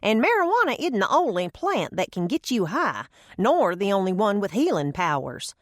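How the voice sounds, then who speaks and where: A woman's voice: mid-range voice, big pitch swings, normal speed, no echo, pitched above the performer's own voice, natural voice. A woman voicing a folksy old grandmother who swears by herbal remedies, with homespun phrasing, in a dry close recording. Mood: insistent.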